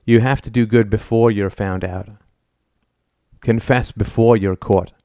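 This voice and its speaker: A man's voice: on the low side, fairly even intonation, a little slow, warm tone, dry recording, clean studio sound, lightly acted. A man voicing an earnest, serious young scholar in an audiobook. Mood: grave. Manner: earnest, grave.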